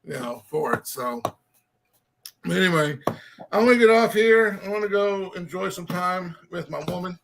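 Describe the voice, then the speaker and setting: A man with a drawl rambles through casual chat in broken, restarting phrases. His voice sits high and has a gravelly, bright edge. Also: normal speed, slight background noise. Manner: rambling, stop-start, swears freely. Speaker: hobby stream participant.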